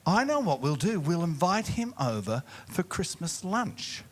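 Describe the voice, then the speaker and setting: An upbeat, eager wife, as a man puts her on. She is pitched a little higher than his own voice and sounds plain and sure of herself. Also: sing-song, measured pace. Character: cheerful wife with a bright idea.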